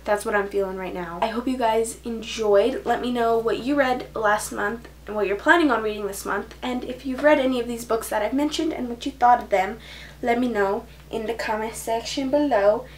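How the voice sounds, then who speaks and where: A woman's voice: on the high side, moderate pace, a little hiss or hum. A teenage girl chatting to camera about books she plans to read, bubbly and gushing. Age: teens. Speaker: book vlogger. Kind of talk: casual chat to camera.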